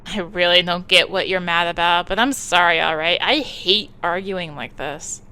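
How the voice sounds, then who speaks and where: A woman's voice: on the low side, fairly even intonation, moderate pace, clear, resonant tone. A woman voicing a hesitant, placating teenage boy in a game. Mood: defensive. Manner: soft, hesitant, defensive.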